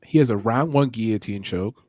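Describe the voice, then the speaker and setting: A man's voice: on the low side, moderate pace, a little mellow. A man hosting a sports betting show, talking animatedly through fight picks and odds. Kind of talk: casual sports betting chat.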